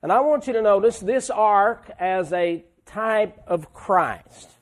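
A man's voice: high-pitched, lively intonation. A man preaching a sermon, telling folksy stories and swelling into emphatic lines. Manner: slow, folksy storytelling with rising emphatic swells.

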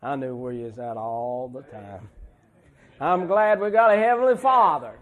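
A man's voice: mid-range voice, phone-quality sound. A man preaching a sermon, telling folksy stories and swelling into emphatic lines. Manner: slow, folksy storytelling with rising emphatic swells.

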